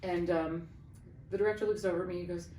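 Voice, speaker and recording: A middle-aged woman, an opera singer, telling an animated backstage story in a casual interview and acting out the voices of the people in it. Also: lowish voice, quick pace. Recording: roomy, distant mic, faint background noise.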